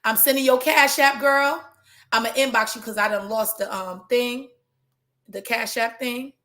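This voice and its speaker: A woman, a hair coach, telling her story in animated casual chat and speaking straight to her viewers. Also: fairly high pitch, measured pace. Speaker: trichologist and hair business coach. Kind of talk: motivational casual talk to viewers.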